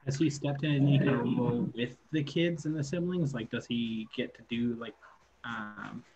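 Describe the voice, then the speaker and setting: A man's voice: medium pitch, moderate pace, darkish tone. A man co-hosting a casual interview, asking long questions full of fillers. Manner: rambling, hedging questions with many fillers. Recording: dull livestream audio with faint background noise.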